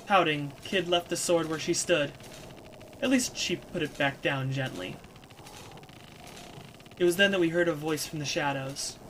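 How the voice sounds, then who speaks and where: A woman's voice: deep voice, unhurried, long pauses, a bit bright, a little hiss or hum, poor audio. A woman streamer who reads a story game aloud and breaks off into casual, chatty asides. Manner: casual, chatty, with fillers between reading.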